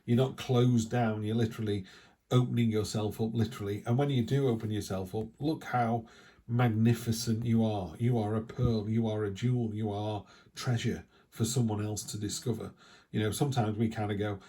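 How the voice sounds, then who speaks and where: Guy doing a chatty tarot reading, kinda low mellow voice, rambles a bit. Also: normal speed. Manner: chatty, rambling, animated asides. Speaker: tarot reader. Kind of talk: casual spoken tarot reading.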